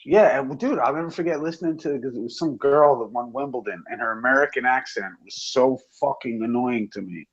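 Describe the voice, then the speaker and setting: A man's voice: medium pitch, fairly quick, few pauses. A man in a casual chat who rambles and swears a lot, with many fillers. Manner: profane, rambling, filler-heavy. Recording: dull lo-fi audio.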